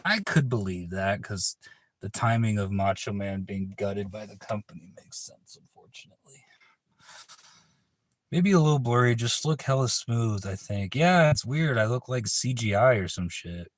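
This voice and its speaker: A man's voice: lowish voice, moderate pace, dry recording. A man hosting a livestream in casual chat, laid-back, rambling and profane. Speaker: livestream host.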